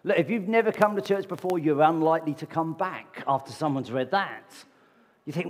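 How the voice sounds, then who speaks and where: A man with a fairly high voice preaches fairly quickly to his congregation in a church meeting hall. He talks with them conversationally and often asks rhetorical questions, and the recording has the long reverb of a large hall.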